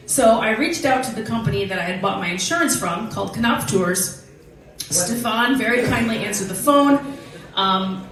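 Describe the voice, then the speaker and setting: A woman telling a story from a stage, casual, animated and profane, often laughing. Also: fairly high pitch. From United States. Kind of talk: live storytelling. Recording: very echoey hall, voice from far off.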